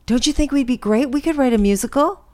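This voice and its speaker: A woman's voice: sits high, fast talker, a little mellow. A middle-aged woman co-hosting a casual chat with her daughter, encouraging and enthusiastic. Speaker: co-host, mother.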